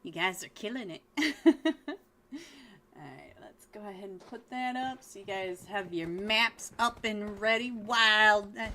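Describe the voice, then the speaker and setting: A woman, a little hoarse, casting a live esports match in a chatty, playful way, laughing often and talking straight to her chat. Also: mid-range voice, measured pace, sharp tone. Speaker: esports caster and streamer. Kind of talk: live game commentary.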